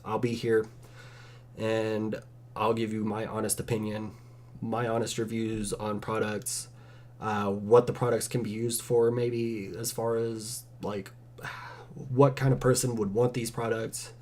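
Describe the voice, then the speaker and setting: Laid-back rambling man with a low mellow voice. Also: level tone, measured pace. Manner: rambling, casual, sarcastic asides. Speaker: vape channel host. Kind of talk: rambling casual vlog.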